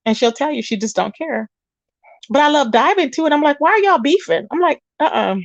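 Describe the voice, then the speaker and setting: A woman's voice: sits high, lively intonation, a little fast, gravelly, no echo, muffled recording. A woman hosting a casual livestream, chatting with viewers and calling them child and babe. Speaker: livestream host.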